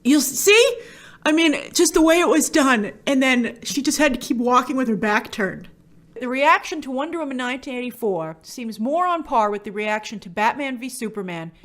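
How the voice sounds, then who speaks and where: A woman film critic doing movie review commentary, gushing and emphatic one moment and flatly dismissive the next. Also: sits high, moderate pace.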